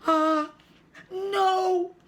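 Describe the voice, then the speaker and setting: A woman's voice: on the high side, big pitch swings, unhurried, mellow, voice pushed up. A woman reading aloud, voicing a young boy who blurts and stammers when flustered. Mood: startled. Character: young boy, startled and eager.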